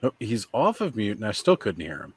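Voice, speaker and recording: A man hosting a casual live stream, chatting and telling stories, animated when he quotes people. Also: lowish voice, brisk, slightly rough, poor audio. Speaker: livestream host.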